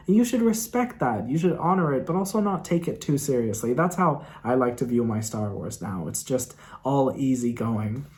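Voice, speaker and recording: A man's voice: medium pitch, darkish tone. A man hosting a reaction video in his bedroom, talking about a show in an earnest, emotional, rambling way. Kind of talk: casual film review talk.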